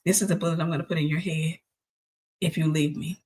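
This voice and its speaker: A woman voicing a tearful young ex-boyfriend who turns threatening, speaking low and menacing. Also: unhurried, darkish tone, breathy edge, full character voice.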